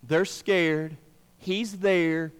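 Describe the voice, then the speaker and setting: Brief: male pastor, slightly high voice, dynamic sermon delivery, long church reverb. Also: steady tone, drawn-out words, smooth. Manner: dynamic preaching, swinging from emphatic to hushed. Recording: long reverb of a large room.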